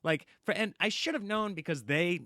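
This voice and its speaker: A man, a comedian guest on a podcast, telling a long story in a lively, casual way and acting out the quotes. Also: high voice, normal speed, dry recording, studio quality. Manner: animated storyteller, acts out quotes, laughs often.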